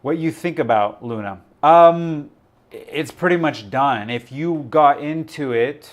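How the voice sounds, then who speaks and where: A man's voice: on the high side, takes it slowly, dull audio. A man hosting a crypto live stream, talking in a rambling, chatty way full of fillers. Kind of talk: casual live-stream chat.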